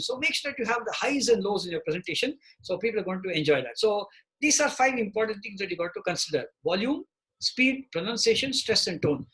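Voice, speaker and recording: Male trainer on a video call, fairly high and bright voice, keeps tagging "okay?" onto his points. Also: poor audio. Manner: repeats "okay?" to check in with participants. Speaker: presentation trainer. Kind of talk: live online training session. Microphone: computer mic on a video call.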